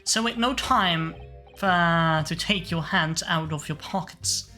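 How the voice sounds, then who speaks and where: An earnest young defense lawyer pressing witnesses with probing questions, played by a woman. Her voice is bright and slightly low, and she talks slowly. It is part of a game read aloud. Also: faint music behind.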